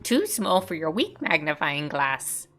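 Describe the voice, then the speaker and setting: A woman's voice: low voice, sing-song, measured pace, faint music behind, heavily acted. A woman voicing a small, fussy creature that guards its shells, speaking in dramatic, defensive outbursts while reading a game's lines. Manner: dramatic, defensive, bursts of loud alarm.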